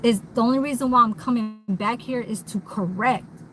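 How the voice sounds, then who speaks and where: A woman's voice: fairly high pitch, moderate pace, a bit bright, soft background music, rough recording. A woman vlogging in a candid, rambling monologue, blunt and swearing freely, recorded inside a vehicle.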